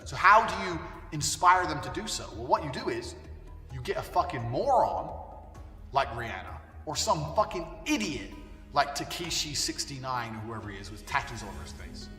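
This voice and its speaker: A man's voice: medium pitch, big pitch swings, normal speed. Blunt, profane man ranting in an echoey hall. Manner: forceful, swinging between loud and quiet. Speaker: commentator on culture. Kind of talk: ranting monologue. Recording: distant, echoey room with long reverb and faint music.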